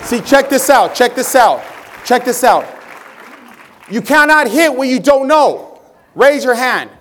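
A man with a very high-pitched voice runs a live motivational seminar in a big convention hall. He shouts energetic instructions and hypes up the audience. A faint crowd can be heard behind him. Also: a little slow, slight background noise. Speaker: motivational speaker at a sales convention. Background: crowd of hundreds.

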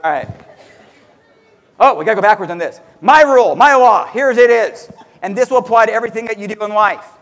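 A very high-pitched man fires up a sales crowd in a big hall, his voice ringing with long reverb. He talks loud and excitable, jumping into little acted-out quotes. The sound is a live stage talk before an audience. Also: quick pace. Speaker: motivational speaker at a sales meeting.

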